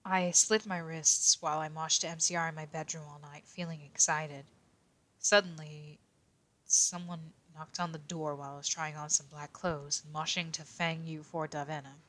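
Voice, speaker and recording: A woman's voice: sits low, little pitch movement, normal speed, fairly bright tone. A woman voicing a shy teenage boy detective, reading a fan story aloud on a livestream with stumbles, restarts and weary asides. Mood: reluctant reading. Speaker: voice actor on a livestream.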